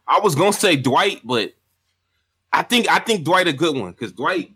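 Bright-voiced man pressing questions. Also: fairly high pitch, sing-song, normal speed, breathy edge. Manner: probing, slangy, questioning. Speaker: podcast co-host. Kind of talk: casual chat.

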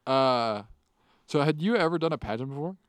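A man's voice: a little high, animated, brisk, clean tone, no echo, clean studio sound. A young man hosting a podcast in casual chat, teasing and laughing often with many fillers. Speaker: podcast host.

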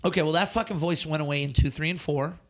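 Male podcast co-host, higher register, animated and exasperated, profane. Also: fast talker. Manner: animated, swears often, exasperated rants. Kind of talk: casual movie chat.

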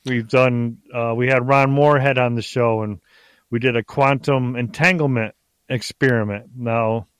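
A middle-aged man telling stories as a podcast guest in a rambling, excitable way, often restarting his sentences. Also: medium pitch, unhurried, clear, resonant tone, dry recording. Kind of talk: casual storytelling on a podcast.

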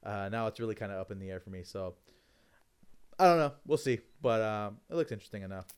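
A man co-hosting a casual podcast about fighting games, talking in a relaxed, hesitant way. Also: fairly low pitch, rapid-fire, smooth. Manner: relaxed, hesitant, many fillers and restarts. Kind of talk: casual gaming chat.

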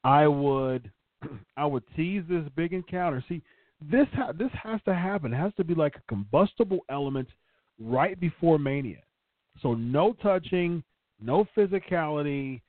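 A male podcast host with a fairly high, animated voice gives opinionated, casual commentary while answering a live chat, often repeating words and restarting sentences. He speaks at a moderate pace. The line sounds tinny and phone-like, dry with no room sound.

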